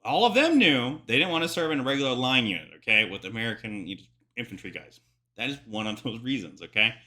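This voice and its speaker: A man gives profane, loose commentary on a documentary he is watching. His voice is bright and forceful, and his pitch rises and falls widely as he gets animated. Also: brisk. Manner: profane, animated, digressive explainer. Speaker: military history reaction host. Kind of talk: casual commentary reacting to a documentary.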